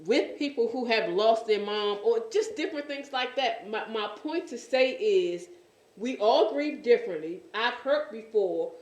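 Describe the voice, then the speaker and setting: A woman hosting a faith-based talk show, speaking earnestly and often pausing to search for words. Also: a little high, animated, roomy sound. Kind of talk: faith-based casual chat.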